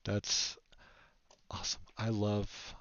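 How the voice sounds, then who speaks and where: A man hosting a casual chat show, laughing often and pausing with fillers. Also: lowish voice, monotone, fairly bright tone, no echo. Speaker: talk show host. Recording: dull lo-fi sound.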